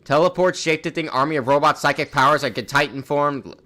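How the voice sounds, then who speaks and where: A man's voice: fairly high pitch, quick pace, sharp tone. A young man streaming a game in casual chat, rambling and restarting his words, with a slightly sore throat. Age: young adult.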